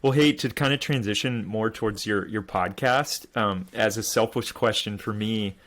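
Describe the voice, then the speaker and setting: A man interviewing a podcast host in casual chat, relaxed and hesitant, with small laughs. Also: fairly low pitch, normal speed.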